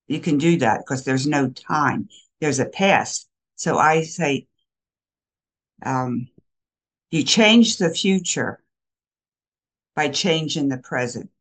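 An older woman, a counselor, talking in a casual interview in a slow, emphatic, reflective way. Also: low-pitched. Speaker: guest counselor.

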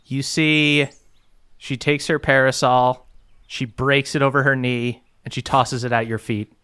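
A man's voice: medium pitch, level tone, a little slow, pushed and bright, clean tone. A young man narrating a tabletop game as game master, loose and full of fillers.

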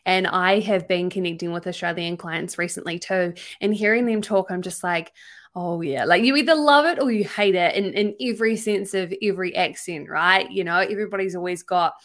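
A woman's voice: on the low side, fairly quick, hardly any pauses, a bit bright. Upbeat New Zealand woman hosting a podcast. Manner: enthusiastic, effusive. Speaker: podcast host. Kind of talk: casual podcast interview.

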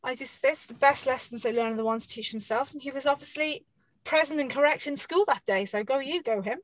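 A woman telling horse-riding stories in casual chat, swearing freely and animated. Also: high-pitched, brisk.

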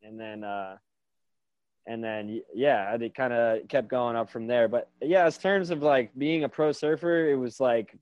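A man's voice: mid-range voice, a little slow, clean tone, no echo, dull audio. A man, a pro surfer talking in a laid-back, slangy, rambling way on a video call interview. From New York. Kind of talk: casual remote interview. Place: California.

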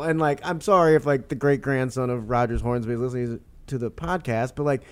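A man telling stories as an author guest on a podcast, animated and rambling, with frequent laughs and restarts. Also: medium pitch, fairly quick, few pauses. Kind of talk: podcast interview storytelling.

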